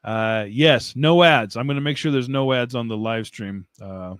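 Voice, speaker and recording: This livestream host has a clear, resonant, fairly bright mid-range voice at a normal speed, recorded in studio quality on a desk mic with no room sound. Hosting casually, he rambles, makes self-deprecating jokes, and laughs frequently while replying to chat comments.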